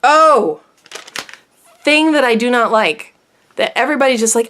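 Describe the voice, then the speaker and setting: A woman's voice: fairly high pitch, lively intonation, moderate pace, long pauses, fairly bright tone. A woman beauty vlogger chatting casually to camera at home, rambling and self-deprecating.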